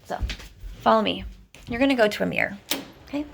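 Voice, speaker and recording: A woman's voice: medium pitch, expressive, fairly quick, gravelly, fairly bright tone. Woman vlogging self-help stuff at home, earnest, keeps saying okay?, faint hiss behind. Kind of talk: motivational talk to camera. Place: at home, moving to a bathroom mirror. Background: young children nearby.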